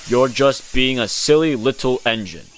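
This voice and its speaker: A man's voice: mid-range voice, moderate pace, a little hiss or hum, natural voice. Man as Gordon, a pompous, huffy express engine. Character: proud, boastful big male express engine.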